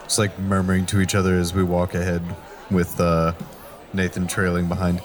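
A man's voice: low-pitched, completely flat delivery, moderate pace, a little hiss or hum. A man narrating a tabletop role-playing game as the game master, describing the scene.

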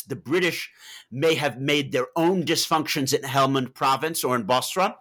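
A man being interviewed about his book, with a high-ish voice and a bright, forceful edge. He talks in a lively, swooping way and keeps wandering into anecdotes as he explains. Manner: animated, anecdotal, digressive. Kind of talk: explaining and telling stories in an interview.

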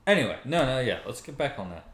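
A man from the Eastern Shore of Maryland co-hosting a podcast, telling stories in a casual, animated way and laughing often. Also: mid-range voice, quick pace, crowd noise. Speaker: podcast co-host. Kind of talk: casual chat. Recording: roomy room echo.

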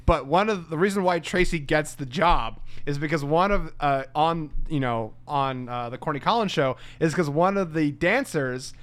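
A man's voice: fairly high pitch, moderate pace, hardly any pauses, a bit bright, clear, resonant tone. A young man from the East Coast, co-hosting a casual podcast chat and rambling off on tangents. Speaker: podcast co-host.

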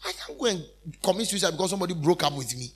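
A male minister preaching a sermon in an emphatic, repetitive style with sudden loud outbursts. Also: high-pitched, lively intonation, very fast, slightly rough.

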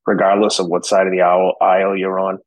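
A middle-aged man with a Boston accent and a low, deep voice tells a story in a loose, salty way. He throws in quick impressions of other people. His voice sounds dry and close to the mic. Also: no room sound, rough recording. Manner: profane, animated anecdotes with put-on voices. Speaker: podcast guest. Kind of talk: casual storytelling.

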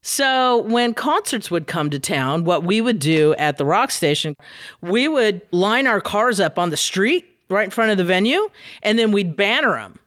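A woman radio DJ telling an animated, profane anecdote as a guest, laughing as she goes. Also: medium pitch, moderate pace, no room sound, clean studio sound. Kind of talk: storytelling anecdote.

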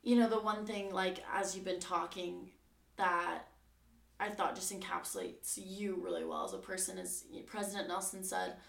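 A woman's voice: medium pitch, gravelly, fairly bright tone. A woman hosting a faith podcast, reflecting thoughtfully on what her guest said. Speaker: podcast host. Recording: roomy, distant mic.

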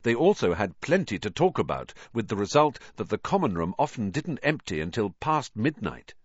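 A man's voice: on the low side, moderate pace, slightly rough, no room sound. Man narrating a storybook, lo-fi sound. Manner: expressive, varied delivery. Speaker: audiobook narrator.

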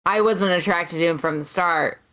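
A woman co-hosting a podcast, candid and excitable in casual chat. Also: fairly low pitch, normal speed. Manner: candid, excitable, swears freely. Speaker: podcast co-host.

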